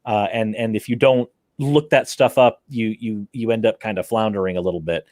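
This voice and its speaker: Man talking fast, dry close mic. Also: on the low side, dry recording. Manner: quick, animated, many restarts. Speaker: YouTuber and show co-host. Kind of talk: casual chat. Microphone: home streaming setup.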